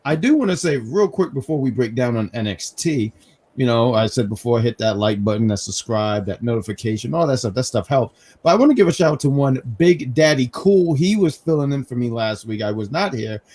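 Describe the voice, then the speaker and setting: A man from New York hosting a casual live wrestling review stream, telling animated stories with self-mocking jokes. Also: medium pitch, brisk. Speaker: podcast host.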